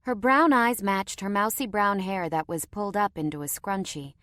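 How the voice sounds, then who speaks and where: A woman's voice: medium pitch, normal speed, fairly bright tone, dry recording. A woman narrating a story in the first person with a wry, conversational tone, recorded close to the microphone.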